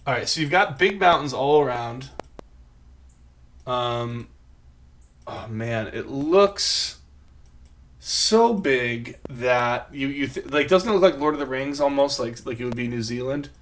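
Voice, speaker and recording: A man's voice: mid-range voice, lively intonation, measured pace, long pauses, a bit bright. A man giving live commentary on a geography guessing game, thinking aloud in a rambling, self-mocking way. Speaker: game streamer.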